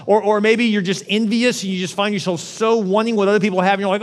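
A male pastor preaching a conversational sermon, often acting out prayers in a lively voice. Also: sits high, fast, few pauses. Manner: conversational, acts out prayers in an animated voice. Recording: long reverb of a large hall.

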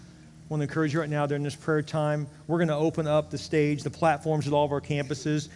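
A man preaching as a pastor, leading an altar call and prayer, swinging from emphatic peaks down to hushed, quiet pleading. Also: a little high, flat delivery, a little fast, some chatter behind, slight background noise. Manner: impassioned, rises to emphatic peaks then drops to hushed prayer. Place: large church sanctuary. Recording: long reverb of a big hall, faint ambience.

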